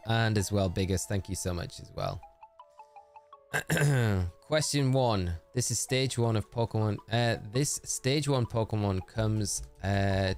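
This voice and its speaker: A man's voice: on the low side, darkish tone. Chatty man streaming. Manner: chatty, reads out viewer messages and thinks aloud. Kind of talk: casual live-stream chat.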